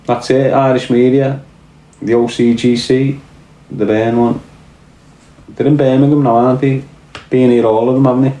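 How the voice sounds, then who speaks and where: A Scouse-accented man hosts a casual podcast chat in live-stream style, rambling and reading out viewer comments in an echoey room. His mid-range voice has a dark tone and little pitch movement. He talks at a normal speed but pauses often.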